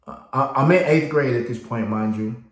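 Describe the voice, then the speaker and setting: A man telling his life story casually to the camera, as an animated storyteller whose voice jumps up high when he acts out his younger self. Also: moderate pace. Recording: echoey room.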